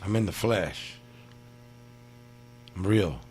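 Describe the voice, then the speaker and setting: A man's voice: low-pitched, takes it slowly, a little mellow, slightly rough. A man hosting a podcast in casual chat, skeptical and teasing, using a lot of slang. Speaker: podcast host.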